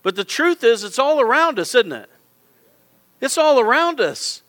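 In a very high, sharp voice with big pitch swings and normal speed, a middle-aged male pastor delivers a sermon in a church auditorium. He pleads passionately and repeatedly, speaking straight to his congregation.

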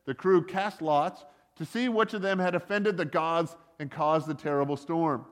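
A man's voice: a little high, moderate pace. A man preaching a casual sermon, retelling a story with joking asides and lots of "like" and "uh". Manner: conversational, joking asides, many likes and uhs. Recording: long reverb of a hall.

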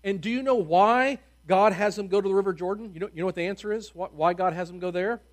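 Storytelling preacher man, fairly high voice. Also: fast talker. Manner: folksy, humorous retelling with loud bursts and hushed drops. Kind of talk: conversational sermon storytelling.

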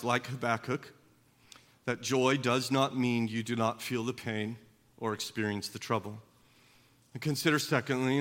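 A man preaching a sermon as pastor, moving from quiet, low reflection to loud, emphatic passages, with frequent repeated words and conversational asides.

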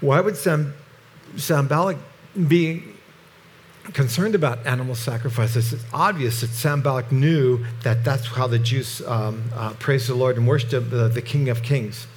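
A middle-aged man teaching through a Bible chapter verse by verse in a conversational, halting way with frequent restarts. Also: mid-range voice, a little hiss or hum.

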